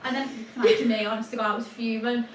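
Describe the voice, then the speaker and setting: A woman, telling stories in a casual podcast chat, animated and laughing often. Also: fairly high pitch, racing. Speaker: podcast co-host. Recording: echoey room, far from mic, faint noise.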